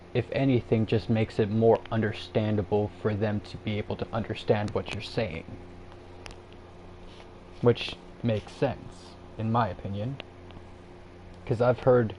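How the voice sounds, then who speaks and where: A man with a somewhat low voice rambles in an easy, unhurried way during a solo live stream. He drifts from thought to thought and laughs at himself now and then. The audio is a bit dull and lo-fi, with a faint hiss underneath. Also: dark tone. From Canada. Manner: rambling, laid-back, chuckles at himself. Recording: dull lo-fi sound with faint background noise.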